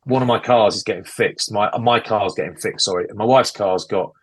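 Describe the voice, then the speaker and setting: A man's voice: lowish voice, fairly quick, husky. A British man in his forties on a casual podcast, rambling through an exasperated rant, recording on earbuds at a relative's house. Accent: British English. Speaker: podcast co-host. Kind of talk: casual chat. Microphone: AirPods earbuds.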